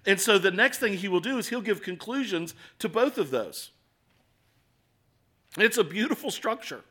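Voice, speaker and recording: Bright-voiced American preacher. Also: male voice, high voice, animated, moderate pace. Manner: earnest, conversational preaching with rhetorical questions. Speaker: pastor. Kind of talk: sermon.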